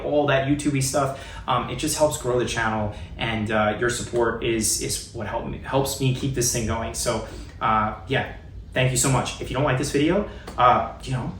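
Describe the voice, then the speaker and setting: A man giving a casual spoken drum lesson, talking in a relaxed, rambling way with many ums and restarts. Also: mid-range voice, far from the mic, a little hiss or hum. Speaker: drum teacher. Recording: roomy echo, away from the mic, faint ambience.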